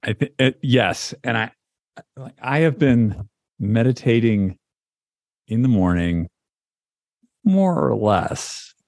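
A man's voice: medium pitch, lively intonation, takes it slowly, long pauses, darkish tone, no room sound, studio quality. A man co-hosting a podcast in casual conversation, chatty and full of "like"s and restarts. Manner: chatty, many likes and restarts. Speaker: podcast co-host.

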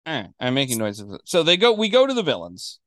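A man co-hosting a casual podcast chat, animated, acting out characters he quotes. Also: medium pitch, brisk, no room sound, studio quality. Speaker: podcast co-host.

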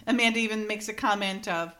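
A woman's voice: mid-range voice, fairly bright tone. A middle-aged woman co-hosting a casual chat, recapping scenes with frequent laughs and acted-out lines. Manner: laughs often, acts out quoted lines. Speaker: podcast co-host.

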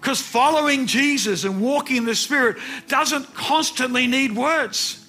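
A man's voice: very high-pitched, unhurried, bright, forceful tone, slightly rough, faint music behind. A man in his sixties preaching a sermon, telling personal stories earnestly and repeating words for emphasis. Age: 60s.

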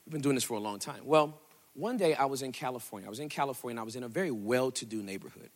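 A man preaching a sermon, telling a story with animated delivery and acting out quotes in a raised voice. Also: rapid-fire. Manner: animated, acts out quotes with big pitch jumps. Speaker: pastor.

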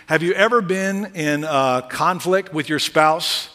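A pastor delivers his sermon in a bright, forceful, fairly high male voice, talking to the congregation in a lively, chatty way with joking asides. His voice rings through a large church sanctuary with a long hall reverb. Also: a little slow. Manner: lively, conversational preaching with humorous asides.

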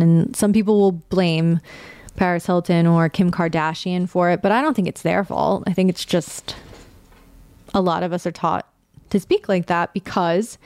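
A young woman talks straight into a close mic in a dry, deadened space. She is candid and casual, with a touch of vocal fry and loose, unpolished phrasing. Her pitch sits right in the middle for a woman. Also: darkish tone, no room sound. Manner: candid, conversational, swears casually. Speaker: podcast host. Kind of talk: personal podcast monologue.

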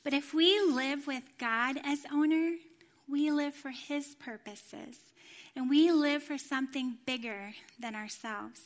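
A middle-aged woman giving a sermon in a church, telling a personal story in an animated way and acting out the voices she quotes. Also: sits high, a little slow. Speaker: former children's ministry director, church speaker.

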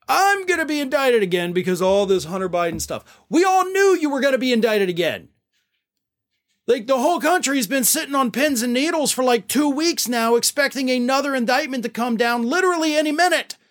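A man's voice: very high-pitched, fairly bright tone. A man hosting a political commentary show, talking in a sarcastic, exasperated way. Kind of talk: opinionated commentary monologue.

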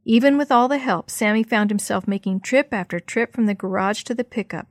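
A woman's voice: medium pitch, brisk, few pauses, dry recording. Woman reading a children's book, dry close sound. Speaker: narrator. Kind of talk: children's book read aloud.

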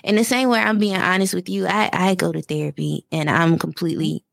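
A woman's voice: lowish voice, fairly even intonation, brisk, vocal fry, no echo. Candid woman host, dry close sound. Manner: open, candid, chatty. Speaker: podcast host. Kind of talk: casual podcast interview.

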